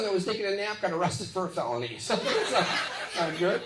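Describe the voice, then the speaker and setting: Stand-up comedian working a noisy room. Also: male voice, high voice, lively intonation. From Midwest of the United States. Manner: quick, punchy delivery, chatting with audience members. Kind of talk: live stand-up comedy with crowd work. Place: live comedy show venue. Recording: echoey live venue with loud crowd noise. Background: audience laughter and applause.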